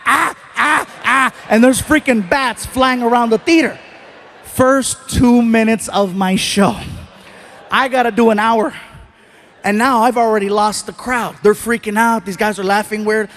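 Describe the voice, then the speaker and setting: A middle-aged man telling a story on stage as a stand-up comedian, animated, acting out characters and laughing at his own jokes. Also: very high-pitched, a little slow, a little hiss or hum. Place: stage in a theater. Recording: live show, faint crowd behind.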